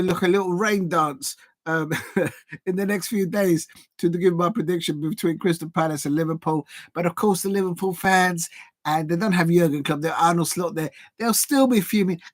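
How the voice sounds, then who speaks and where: Excitable man commentating a live watch-along. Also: high-pitched, normal speed, dry recording. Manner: chatty and excitable, jumping to shouts at big chances. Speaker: YouTuber hosting a live football watch-along.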